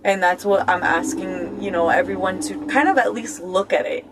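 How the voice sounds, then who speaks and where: A woman talking straight to her viewers about life in a loose, joking way, with her voice at a middle pitch. She swears without a second thought and breaks into laughter between points. She keeps asking "okay?" to make sure they follow. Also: moderate pace, noisy background. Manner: blunt, swears freely, keeps checking in with "okay?"; talks straight to viewers as "y'all". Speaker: self-help vlogger. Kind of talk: casual motivational talk.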